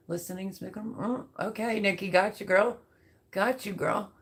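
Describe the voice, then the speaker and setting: A woman's voice: mid-range voice, measured pace. A woman chatting loosely on her live stream and talking straight to the people watching. She rambles from one thing to the next in an easy, conversational way while she reads out viewer comments. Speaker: livestream host reading chat. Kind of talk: casual live-stream chat.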